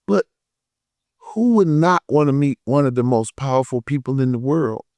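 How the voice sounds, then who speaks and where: A man from Detroit with a Detroit accent, telling a story in an unfiltered, profane, heated way, swinging between loud and low. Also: lively intonation, moderate pace, dry recording, clean studio sound. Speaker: guest. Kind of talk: unfiltered casual interview. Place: podcast studio.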